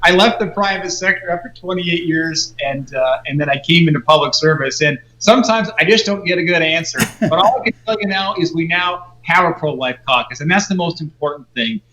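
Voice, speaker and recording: A man's voice: a little high, brisk, hardly any pauses, bright, forceful tone, reverberant, a little hiss or hum, poor audio. A man, a senator, answering interview questions earnestly over a video call.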